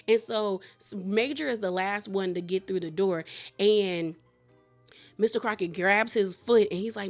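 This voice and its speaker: A woman giving a casual, animated movie recap, talking colloquially and laughing at the plot. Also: medium pitch, measured pace, faint music behind. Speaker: movie reviewer.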